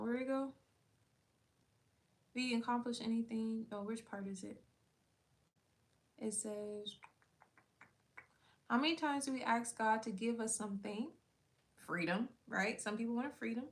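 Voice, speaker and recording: A woman livestream host in casual faith chat, talking loosely and candidly, full of "like" and the odd swear word. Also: a little high. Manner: laughs often between thoughts.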